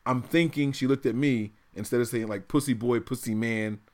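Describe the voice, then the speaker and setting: A man in his thirties chatting on a podcast, telling a family story with lots of energy. His voice sits in a middle pitch, and he breaks into laughter often. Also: normal speed, noisy background. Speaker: podcast co-host. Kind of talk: casual chat.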